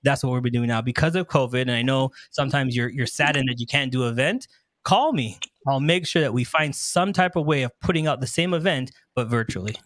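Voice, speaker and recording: A man guest who works as a wedding MC and DJ, chatting animatedly in an interview, a bit hoarse from earlier yelling, acting out his own stories and laughing often. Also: mid-range voice, fast talker, few pauses, a little hiss or hum. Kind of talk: enthusiastic interview chat.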